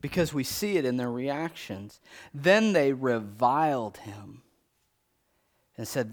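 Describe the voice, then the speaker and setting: Scripture comes alive as this animated man preaches, switching from quick, loud delivery to low, unhurried King James readings. The big swings in pitch and loudness give his quotes a dramatic feel.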